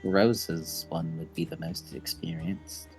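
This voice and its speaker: A man's voice: a bass voice, level tone, takes it slowly, faint music behind. A man talking casually as a tabletop game player, hesitant and often restarting his sentences.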